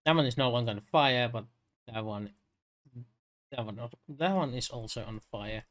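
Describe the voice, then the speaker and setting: A man narrating a tabletop game as game master, halting and restarting often. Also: mid-range voice, a bit bright. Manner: halting, full of fillers and restarts.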